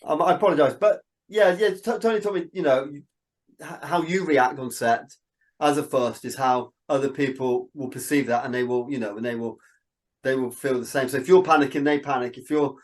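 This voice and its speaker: A man, a filmmaker guest in a casual interview, telling animated stories and acting out what people said. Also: fairly high pitch. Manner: animated storyteller, quotes people in dialogue.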